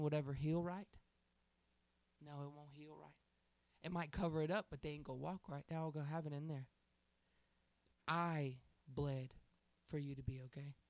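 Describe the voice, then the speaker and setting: A man's voice: on the high side, dry recording. Sex: man. Style: earnest devotional preaching talk. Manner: earnest storytelling, acts out quoted voices.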